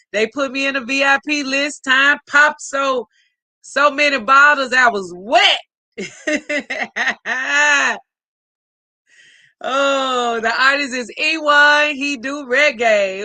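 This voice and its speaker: A woman's voice: sits high, sharp tone, no room sound. A woman hosting a casual live stream, reading viewer comments aloud in an upbeat, effusive way.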